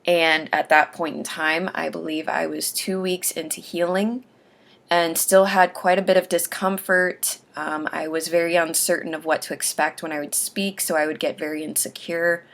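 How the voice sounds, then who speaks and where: A woman talking earnestly about getting used to dentures, pausing between phrases as she gives advice. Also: low-pitched, flat delivery, vocal fry, fairly bright tone. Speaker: host sharing denture aftercare advice. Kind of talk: casual instructional talk.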